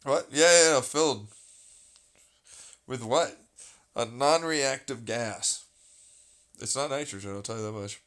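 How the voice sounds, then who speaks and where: A man's voice: medium pitch, unhurried, long pauses, a bit bright. A man in casual, rambling chat, sarcastic and full of swearing.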